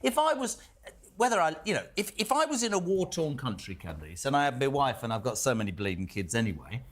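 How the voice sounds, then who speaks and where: A man holding forth on a studio panel, blunt and exasperated. He talks quickly. His pitch leaps up and down as he presses his points. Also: sing-song, a bit bright. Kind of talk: opinionated studio panel talk.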